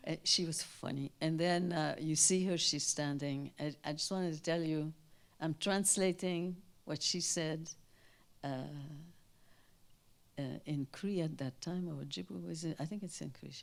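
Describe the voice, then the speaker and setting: An older woman from Canada, a guest speaker telling anecdotes at a Q&A, animated and acting out the voices of people she quotes. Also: deep voice, measured pace, gravelly. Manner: animated, acts out quoted voices, trails off and restarts. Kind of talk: anecdotal storytelling at a Q&A. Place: town hall in front of an audience.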